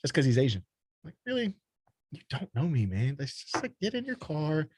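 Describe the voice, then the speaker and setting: A man's voice: fairly high pitch, huge pitch swings, brisk, darkish tone, breathy edge, no echo. A man from Texas, a company founder, talking bluntly and freely in a casual podcast conversation, swearing often. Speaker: guest, startup founder.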